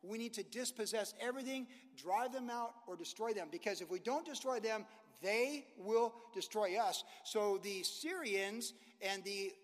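Guy preaching a sermon, lively, acts out the bible people, pretty high voice. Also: a little slow, hardly any pauses, big-room sound. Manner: animated, acts out biblical figures and uses sports talk. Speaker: pastor.

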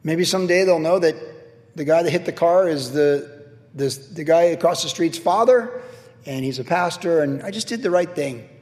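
A middle-aged man preaching a sermon as a pastor, telling a personal story in an animated way, acting out the voices he quotes and laughing at himself. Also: fairly high pitch, normal speed, in a large hall.

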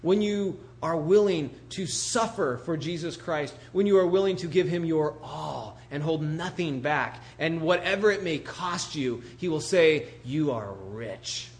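A man delivering a sermon in a slightly raised voice, lively and conversational. He preaches with rhetorical questions to his congregation and slips into the voices of the people he quotes. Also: on the high side, a little slow, few pauses. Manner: animated, rhetorical questions, acts out voices of others. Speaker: pastor planting a church.

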